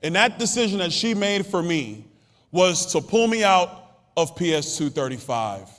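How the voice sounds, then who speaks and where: A man's voice: high voice, fairly bright tone. Man from Brooklyn giving a rousing rally speech. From Brooklyn, New York. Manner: conversational storytelling, punchy and rousing. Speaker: congressman speaking at a summit. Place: hotel ballroom. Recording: long reverb of a large ballroom.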